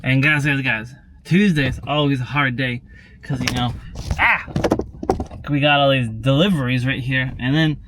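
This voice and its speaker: A man's voice: mid-range voice, a little slow, background noise. A man chatting casually to viewers in a daily vlog. He rambles and repeats himself, constantly adding "and everything" and "tell you what.". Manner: talks straight to viewers, repeats words. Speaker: daily vlogger.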